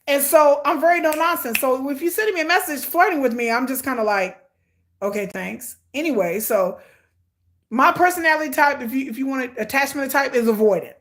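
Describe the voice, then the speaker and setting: Woman, high-pitched, middle-aged, blunt, sarcastic, animated, casual watch-along commentary. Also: fairly quick. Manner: hyperactive and energetic. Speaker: reality TV commentator.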